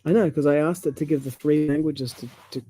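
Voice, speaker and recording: A man, chatting casually about language and reading passages aloud with halting restarts. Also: on the high side, fairly even intonation, dark tone, husky.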